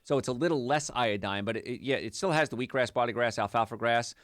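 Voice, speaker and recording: A man's voice: medium pitch, fast, a bit bright, no room sound, studio quality. A man hosting a call-in health radio show, chatty, upbeat and jokey, rambling from one point to the next. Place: radio studio.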